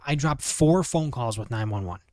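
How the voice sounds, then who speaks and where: Profane, animated young man telling a story. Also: medium pitch, moderate pace, no room sound, studio quality. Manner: animated storyteller, swears a lot, acts out voices of others. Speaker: podcast co-host. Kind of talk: casual storytelling chat.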